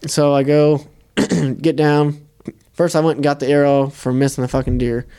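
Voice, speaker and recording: A young man, co-host of a podcast, casually telling a hunting story in a relaxed, profane way. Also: a little high, normal speed, smooth.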